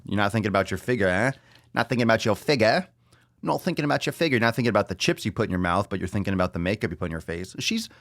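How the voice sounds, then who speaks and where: A man's voice: lowish voice, no room sound, clean studio sound. A man hosting a podcast, ranting bluntly and sarcastically with lots of swearing, repeating lines for emphasis, then taking audience questions. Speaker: podcast host. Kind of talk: solo podcast rant and Q&A.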